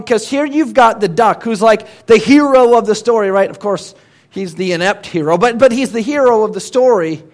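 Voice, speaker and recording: A man with a high-pitched voice preaches to his congregation. He moves between quiet prayer and lively, emphatic storytelling. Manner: animated storytelling, emphatic asides. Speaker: pastor. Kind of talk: sermon.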